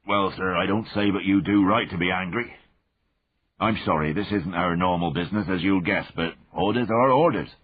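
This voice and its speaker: A man's voice: sits low, moderate pace, slightly rough, no echo. A man voicing a big, wary soldier turned spy who speaks deferentially, calling his listener sir and my lord, in an audiobook reading. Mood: placating. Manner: respectful, placating, addresses listener as sir and lord. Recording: phone-like narrow band.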